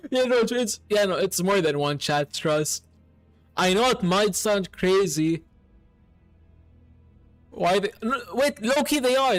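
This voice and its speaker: A man streaming a video game, chatting casually and excitably with his viewers and swearing freely. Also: high voice. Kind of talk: casual live-stream chat while gaming.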